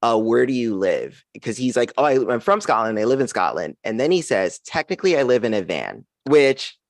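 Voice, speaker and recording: Animated man in his forties doing stand-up. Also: medium pitch, brisk, dry recording. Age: 40s. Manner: animated storytelling with big voice swings. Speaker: stand-up comedian. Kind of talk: stand-up set.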